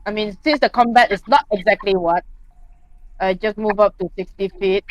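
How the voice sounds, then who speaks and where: A woman playing a princess character in an online tabletop game, excitable and stammering when unsure. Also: mid-range voice, normal speed, dry recording, lo-fi sound. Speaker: player. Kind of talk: tabletop role-play.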